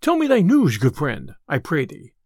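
A man's voice: fairly high pitch, huge pitch swings, normal speed, vocal fry, a little mellow, no room sound, clean studio sound, exaggerated voice. A man voicing a merry young outlaw who teases in jovial, old-fashioned speech, read in a storybook telling. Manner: jovial, mocking archaic speech. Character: merry, teasing male outlaw, young adult.

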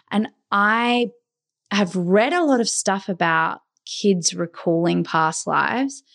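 Woman chatting on a podcast, lots of oh my god reactions, lowish voice. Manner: reactive, exclaims and gasps. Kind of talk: casual chat.

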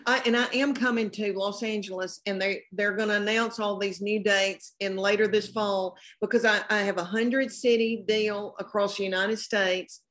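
A woman's voice: mid-range voice, fairly even intonation, normal speed, few pauses, a bit bright. A woman, a comedian guest chatting on a podcast in a folksy, self-deprecating way. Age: 50s. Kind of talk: casual podcast chat.

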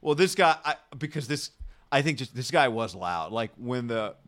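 A man's voice: mid-range voice, animated, normal speed, a bit bright. A man co-hosting a casual podcast chat, easygoing, who acts out quotes with big jumps in his voice.

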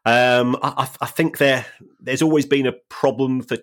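A man's voice: medium pitch, fairly even intonation, normal speed, fairly bright tone. A man co-hosting a football finance podcast, talking casually and drily with frequent hesitations and repeated words. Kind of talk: casual chat.

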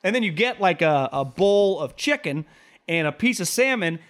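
A man with a somewhat raised voice co-hosting a sports talk show. He spins everyday complaints into animated, joking stories. His delivery is loose and conversational throughout. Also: high-pitched, normal speed. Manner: animated storyteller, jokey asides. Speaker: sports talk podcast co-host.

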